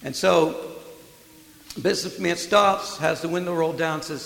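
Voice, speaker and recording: Male preacher, fervent sermon, gravelly voice, slightly high, reverberant hall. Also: moderate pace. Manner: swells loud and fervent, then drops quiet. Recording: echoey hall.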